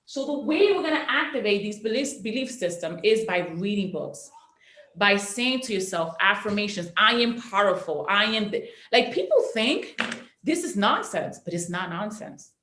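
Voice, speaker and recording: A woman's voice: medium pitch, very animated, moderate pace, fairly bright tone, reverberant. A woman giving a preachy, emphatic motivational training talk as a network marketing leader, repeating herself for effect.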